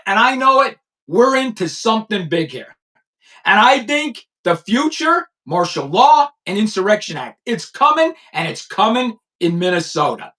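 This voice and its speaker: A man's voice: sits high, bright, forceful tone. A man in his fifties, a former police chief, hosting a blunt, profane news commentary and repeating lines for emphasis. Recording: voice a bit distant from the mic.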